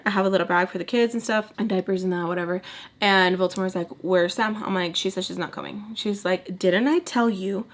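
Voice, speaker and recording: A young woman vlogger telling a long personal story, chatty and animated, acting out the other people's lines and saying "like" a lot. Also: on the low side, fast talker. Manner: lots of filler "like". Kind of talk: casual storytime while doing makeup.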